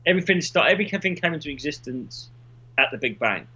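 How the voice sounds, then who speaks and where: A man's voice: on the high side, animated, quick pace, pushed and bright, breathy edge, dull audio. A man, co-hosting a podcast in casual chat, rambling through stories and swearing freely. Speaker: podcast co-host.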